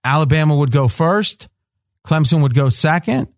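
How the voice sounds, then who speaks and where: A man hosting a sports betting roundtable, pressing the others with rapid-fire questions and often cutting in. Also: on the high side, no echo, studio quality. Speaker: host.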